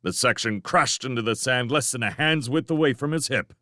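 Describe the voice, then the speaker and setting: A man giving a dramatic fan reading of a novel, swinging between tense urgency and hushed lines. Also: mid-range voice, brisk, no echo, studio quality. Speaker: audiobook reader.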